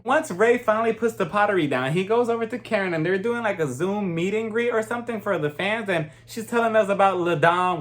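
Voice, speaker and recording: Sassy animated man, high lively voice. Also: fairly quick, hardly any pauses. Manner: sassy, animated storytelling with mocking quotes. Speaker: reality TV reviewer. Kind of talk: casual recap vlog.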